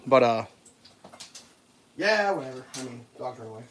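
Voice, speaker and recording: A man's voice: medium pitch, lively intonation, normal speed, fairly bright tone, slight background noise. A man chatting casually while cooking breakfast at home, rambling through stories and laughing at them.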